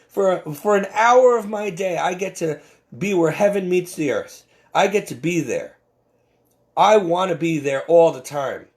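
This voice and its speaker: A man's voice: on the high side, darkish tone. A man delivering an impassioned, preachy monologue about faith, emphatic and often stumbling over repeated words. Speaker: Catholic commentator.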